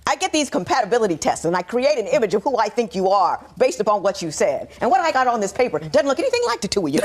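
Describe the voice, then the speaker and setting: A woman presiding as judge on a TV court show, wry and teasing, quick to laugh, in a studio courtroom. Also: on the high side, big pitch swings, a little hiss or hum. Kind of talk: courtroom TV hosting.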